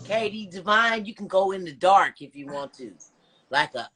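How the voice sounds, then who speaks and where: A woman on a podcast, telling stories in a brash, profane, animated way as a guest. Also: medium pitch, normal speed. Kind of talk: casual storytelling chat.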